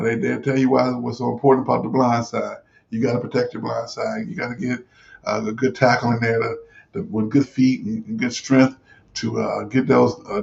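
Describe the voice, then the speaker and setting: A man hosting a casual sports talk show, his voice gravelly with a mid-range pitch. He rambles through his points with frequent fillers and restarts. The recording sounds dull and lo-fi. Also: darkish tone.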